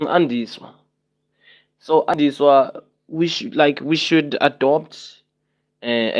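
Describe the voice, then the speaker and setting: A man's voice: medium pitch, dull audio. A young man on a casual livestream, talking to his viewers and repeating himself in exasperated rhetorical questions.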